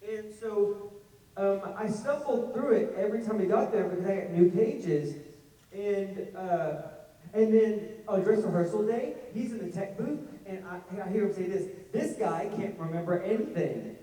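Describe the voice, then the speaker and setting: A man with a Southern accent and a fairly high voice rambles through funny stories at a fan convention panel. He is self-mocking and full of animated asides. He is heard from a distance in a vast, echoing hall. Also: normal speed. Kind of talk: casual storytelling to an audience. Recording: echoey hall, heard from far off.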